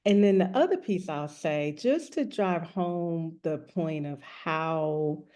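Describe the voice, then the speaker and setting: A woman speaks as a guest in an interview, telling her own story in a candid, reflective way. Her voice sits low, with a mellow, relaxed tone. She talks earnestly and plainly as a rest coach and author. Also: takes it slowly.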